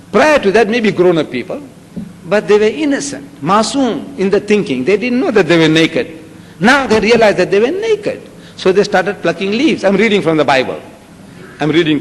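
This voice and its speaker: The high-voiced speaker is an older Islamic lecturer with a South African Indian accent, addressing a public audience. He acts out characters' voices as he tells stories, his shouts rising with excitement. Faint background noise and echo fill the hall.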